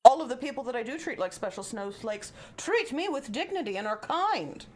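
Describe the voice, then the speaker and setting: A young adult woman streaming, telling stories in a casual, animated way, swearing freely and acting out the people she quotes. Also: fairly high pitch, a little fast. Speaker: live streamer. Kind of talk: casual storytelling chat.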